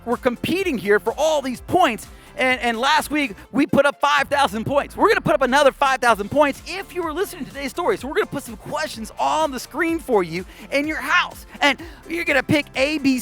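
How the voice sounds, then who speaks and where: An American man, a children's pastor, telling a Bible story to kids in a playful, animated way, with goofy voices and roars. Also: very high voice.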